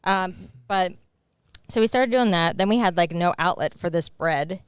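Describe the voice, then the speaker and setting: A woman's voice: fairly low pitch, moderate pace, clear, resonant tone, dry recording, studio quality. A woman in her forties, a guest on a casual podcast, telling stories in a chatty way with lots of fillers. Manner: chatty storyteller with many fillers. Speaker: podcast guest, bakery co-owner. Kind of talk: casual chat.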